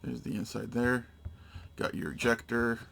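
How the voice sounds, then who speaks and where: A man's voice: mid-range voice, little pitch movement, normal speed, creaky, a bit bright, a little hiss or hum. A man giving a casual, hands-on product demonstration, narrating each step in short, matter-of-fact phrases. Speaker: gun reviewer.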